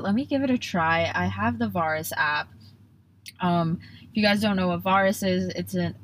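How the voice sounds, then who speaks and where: A young woman hosts her own podcast in a loose, bubbly solo chat. Her voice sits a little low, and she rambles, cutting herself off mid-sentence. A faint hiss of background noise runs under the recording. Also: fairly bright tone. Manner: bubbly, rambling, self-interrupting. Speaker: podcast host.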